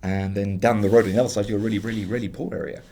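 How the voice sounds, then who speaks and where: A man's voice: fairly low pitch, rapid-fire, slight background noise. A man with a London accent, a guest in a casual conversation, telling stories and acting out the voices of the people he quotes. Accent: London English. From England. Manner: lively storyteller who acts out quoted voices. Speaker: interview guest.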